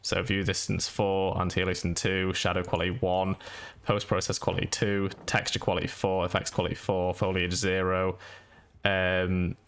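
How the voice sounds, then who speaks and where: A man giving a casual, monotone how-to voice-over for a game guide. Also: sits low, normal speed, a little hiss or hum. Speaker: gaming YouTuber. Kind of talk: screen-recorded how-to voice-over.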